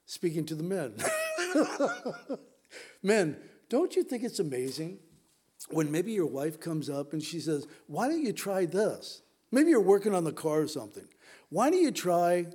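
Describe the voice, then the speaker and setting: A male pastor preaching a sermon in a conversational, animated way, often acting out quotes. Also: fairly high pitch.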